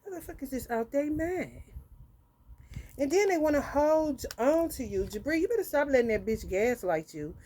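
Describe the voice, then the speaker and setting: A woman hosting an unscripted live stream as a tarot reader. She talks bluntly and with a lot of swearing, calls listeners honey, and swings between loud outbursts and low muttering. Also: expressive, moderate pace, a little hiss or hum.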